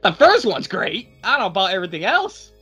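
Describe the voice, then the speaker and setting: A man co-hosting a podcast in casual chat, animated and sometimes trailing off to restart his thoughts. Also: high-pitched, fast, breathy edge, muffled recording, faint music behind. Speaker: podcast co-host.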